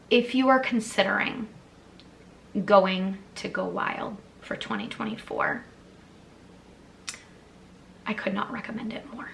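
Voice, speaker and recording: A woman's voice: medium pitch, vocal fry, fairly bright tone, slight background noise. A young adult woman vlogger, seated, telling an emotional personal story in a gushing way with many fillers. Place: sitting on a squeaky chair.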